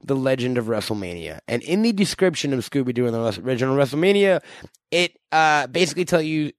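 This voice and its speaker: A man's voice: mid-range voice, very animated, quick pace, no room sound, studio quality. A man co-hosting a podcast in casual chat, teasing his co-host and asking leading questions.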